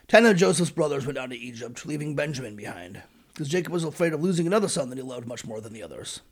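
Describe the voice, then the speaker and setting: A man's voice: medium pitch, expressive, fast, husky. A man hosting a podcast, narrating in an irreverent, sarcastic, profane comedic style. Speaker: podcast host.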